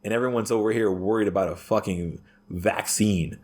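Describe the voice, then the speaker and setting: A man's voice: fairly low pitch, fairly even intonation, normal speed, darkish tone. A man talking as a podcast guest in a profane, ranting way, punctuating his points with "right?". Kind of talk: casual podcast conversation.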